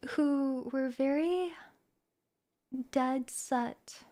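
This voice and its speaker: Soft, reflective high-voiced woman. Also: very slow. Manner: soft, reflective, hesitant with restarts. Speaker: streamer. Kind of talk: personal talk to viewers.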